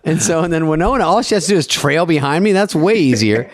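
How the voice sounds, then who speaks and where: A middle-aged man with a fairly high voice talks fast as he co-hosts a podcast. In casual chat he tells animated stories, acting out quotes and swearing a lot.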